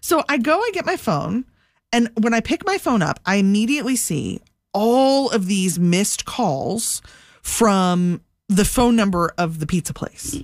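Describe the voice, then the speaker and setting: Animated woman telling a story, dry sound. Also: mid-range voice, a little slow, no echo. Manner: animated, lots of "like", acts out quotes. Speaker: podcast co-host. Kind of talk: casual storytelling chat.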